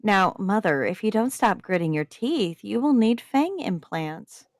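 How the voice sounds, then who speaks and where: A woman's voice: mid-range voice, animated, unhurried, no room sound, voice pushed up. A woman reading aloud as a defiant young woman who answers her mother in mock innocence. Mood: mock-innocent. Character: defiant sarcastic young woman, rebellious daughter.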